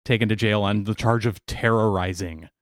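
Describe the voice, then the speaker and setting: A man's voice: on the low side, fairly even intonation, normal speed, no echo, studio quality. A man co-hosting a casual comedy chat, reading out a news story and laughing often. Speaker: podcast co-host reading news stories.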